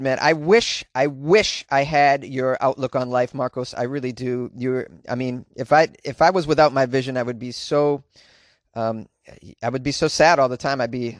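A man hosts a comedy podcast in a rambling, chatty way, with profane asides. His voice sits fairly high for a man. The sound is dry and close, as if recorded in a small closet. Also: no echo. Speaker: podcast host. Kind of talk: casual comedic monologue. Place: home closet.

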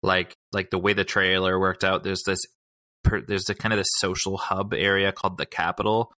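A man's voice: low-pitched, flat delivery, normal speed, sharp tone, no room sound. A man co-hosting a gaming podcast in casual chat, rambling with many fillers and restarts. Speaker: podcast co-host.

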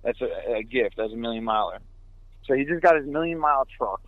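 A man from New York City, a truck driver, telling a story in casual chat with quick laughing asides. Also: mid-range voice, no echo. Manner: fast, animated, laughing asides. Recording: dry tinny phone line.

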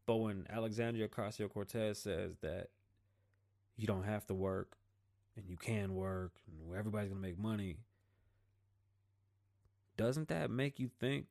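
A man's voice: lowish voice, unhurried, vocal fry, long pauses, darkish tone. A man hosting his own show, delivering a blunt, profane, slang-filled political rant in a casual style. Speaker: podcast host.

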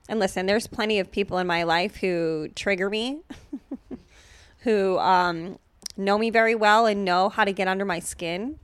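A woman's voice: mid-range voice, clear, resonant tone, dry recording. Profane, joking woman podcast co-host. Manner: blunt, profane and joking, with many fillers. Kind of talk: casual chat.

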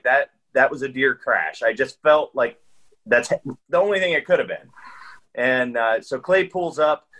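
A man's voice: mid-range voice, fairly bright tone, rough recording. A man telling a long hunting story in casual chat, rambling along with frequent restarts and fillers. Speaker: guest hunter.

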